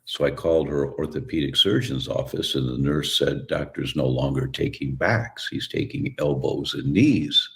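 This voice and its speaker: A man telling stories as a guest in an interview, relaxed and acting out the voices of people he quotes. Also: extremely low pitch, moderate pace, creaky, few pauses. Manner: relaxed storyteller who acts out quoted voices. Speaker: guest, chiropractor. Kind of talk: storytelling interview answer.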